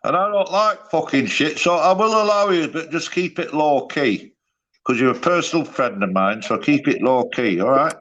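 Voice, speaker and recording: A man hosting a heated livestream panel, swearing while telling guests to keep it low key. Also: normal speed, lo-fi sound. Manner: swearing, trying to calm things. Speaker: panel host.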